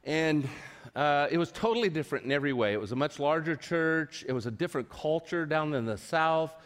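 A male pastor shares a personal story during a sermon, his slightly high voice animated and brisk. He's chatty and self-deprecating, tripping over his words as he goes, and the recording carries the long reverb of a large hall.

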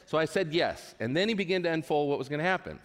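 A man's voice: on the high side, expressive, fast talker, fairly bright tone. A male pastor telling a personal story in a sermon, chatty and self-deprecating, stumbling over his words as he goes. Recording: long reverb of a large hall.

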